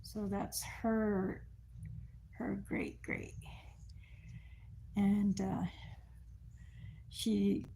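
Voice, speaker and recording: A woman's voice: medium pitch, level tone, drawn-out words, pauses often, dark tone, slight background noise. Older woman telling family stories. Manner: laughs often, acts out family members' voices; firm commands to a dog. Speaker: livestream host. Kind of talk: casual storytelling on a livestream.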